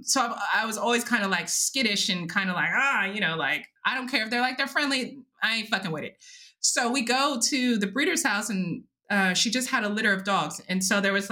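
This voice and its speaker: A woman podcast host casually telling a story, animated and laughing often, acting out what people said, with loose swearing and fillers. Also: mid-range voice. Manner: animated, laughing, acts out quotes.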